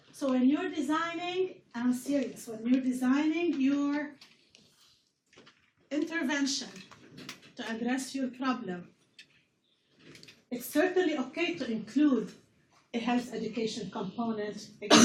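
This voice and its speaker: Woman lecturer, higher voice, earnest, heard from afar in a roomy hall with faint hiss. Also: a little slow, long pauses, far from the mic. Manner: earnest, repeats words while explaining. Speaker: university public health lecturer. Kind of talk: classroom lecture. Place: classroom.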